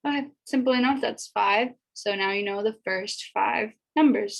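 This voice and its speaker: A woman's voice: mid-range voice, normal speed, creaky, few pauses, low-quality recording. A woman from Pakistan giving a casual video language lesson, explaining patiently and chattily with many fillers. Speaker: language teacher.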